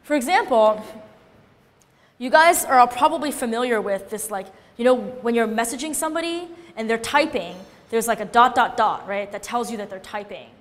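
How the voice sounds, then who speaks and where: Woman, casual lecture, animated, fairly high voice, long hall reverb. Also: normal speed. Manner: animated, often checks in with "right?".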